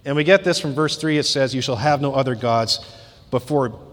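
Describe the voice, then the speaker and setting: A man's voice: medium pitch, a little fast. A man preaching a sermon, emphatic and rising on key points, with asides to the congregation. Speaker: pastor. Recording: long hall reverb.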